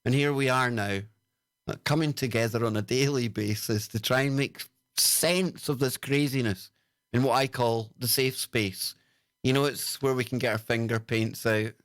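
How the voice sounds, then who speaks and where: A man's voice: medium pitch, fairly even intonation, normal speed, a bit bright, no room sound, studio quality. A British man hosting a casual livestream, talking in a sarcastic, mocking way as he reads out chat comments. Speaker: livestream host.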